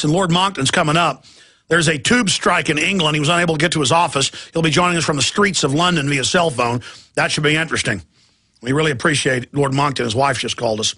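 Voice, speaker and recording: A man's voice: on the high side, a little fast, pushed and bright. A middle-aged man hosting a talk radio show, delivering an impassioned, ranting monologue and mimicking opponents' voices. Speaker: radio host.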